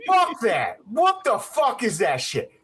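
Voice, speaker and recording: A man's voice: extremely high pitch, slow pace, breathy edge, shouting. Guy ranting on a podcast, cursing nonstop, voice jumping all over, home mic. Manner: profane, heated, animated ranting with laughs. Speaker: podcast co-host. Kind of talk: casual ranting movie recap.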